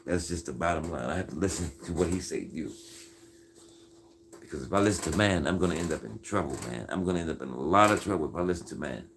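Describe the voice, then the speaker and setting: A man's voice: low voice, expressive, fast, a bit bright, slight background noise. A man hosting a casual faith-based livestream, earnest and folksy, keeps calling his viewers "folks" and "man.". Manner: earnest, preacher-like insistence. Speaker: livestream host reading viewer comments.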